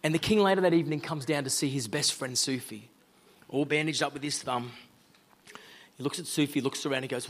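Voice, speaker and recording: A man's voice: mid-range voice, a little fast. A middle-aged Australian man giving an earnest, conversational sermon-style talk as a guest speaker. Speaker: guest speaker, law firm owner.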